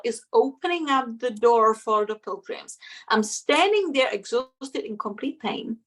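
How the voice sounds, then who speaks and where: A woman's voice: on the high side, fairly bright tone. A middle-aged woman, a guest in an interview, telling a personal story in a reflective, emotional way and acting out her inner voices.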